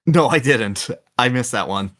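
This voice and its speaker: A man co-hosting a podcast, slowly and dramatically retelling a game's ending in casual chat. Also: medium pitch, animated, a bit bright. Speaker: podcast co-host.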